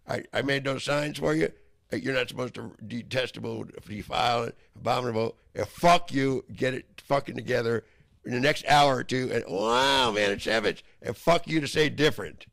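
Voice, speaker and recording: Gravelly man in an angry rant. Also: mid-range voice. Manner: heated, profane, rambling, with loud outbursts. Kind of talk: angry ranting monologue.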